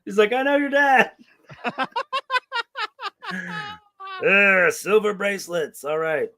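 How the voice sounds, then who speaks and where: A middle-aged man telling a long story in casual chat, animated and profane, acting out the dialogue. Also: high voice, slow pace, noisy background. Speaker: podcast co-host.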